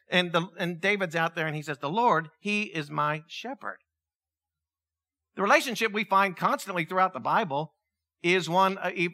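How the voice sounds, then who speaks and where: A man preaching a sermon, animated, asking the congregation questions and acting out quotes. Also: sits high. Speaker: pastor.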